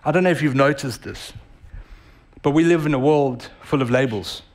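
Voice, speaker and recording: A man's voice: mid-range voice, moderate pace. A male pastor preaching a sermon, telling a story and building to fervent, urgent preaching. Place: church sanctuary.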